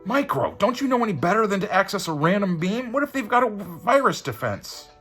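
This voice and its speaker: A man putting on a hard-bitten comic-book vigilante, stern and exasperated. The voice jumps well above his usual pitch and rises in loudness. Faint music plays behind it. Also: very animated, fairly quick, breathy edge, full character voice. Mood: scolding.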